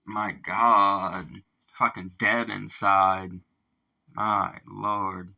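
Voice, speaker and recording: A man's voice: on the low side, flat delivery, drawn-out words, creaky, muffled recording. A man hosting a reaction video in casual commentary, swearing, laughing often and marveling aloud at the lyrics.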